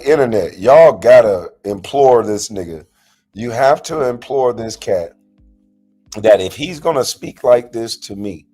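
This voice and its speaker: Husky man ranting, pitch all over. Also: darkish tone. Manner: confrontational, profane, mocking. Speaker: commentator reacting to a panel clip. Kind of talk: heated reaction vlog rant.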